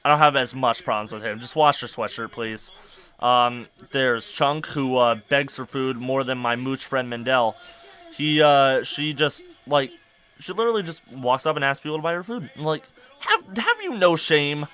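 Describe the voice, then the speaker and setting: A young man hosting a podcast, ranting casually and with exasperation, his voice climbing to near-shouts. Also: mid-range voice, normal speed, smooth. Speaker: podcast host.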